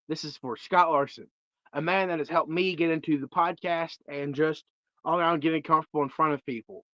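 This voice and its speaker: A man's voice: fairly high pitch, a bit bright, no echo. A man, guesting on a livestream and making an earnest, rambling appeal for a friend. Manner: earnest, rambling plain talk. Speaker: podcast host, guest on the stream. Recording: dull, dry stream audio.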